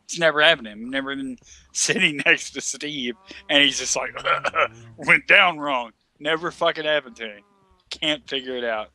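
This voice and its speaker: A man's voice: mid-range voice, brisk, bright, forceful tone, no room sound. A man telling a long, profane anecdote in casual chat, laughing often as he goes.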